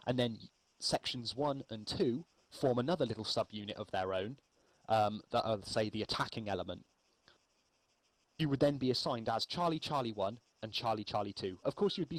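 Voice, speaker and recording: A man explaining radio procedure in a relaxed, rambling spoken lesson, with frequent ums. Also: medium pitch, low-quality recording. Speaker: milsim infantry instructor.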